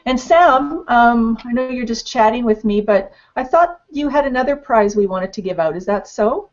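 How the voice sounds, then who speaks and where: A woman's voice: a little high, lively intonation, normal speed. A woman hosting a live online panel, playful and bubbly, talking with many fillers over a video call. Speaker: host. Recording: dull lo-fi web stream audio.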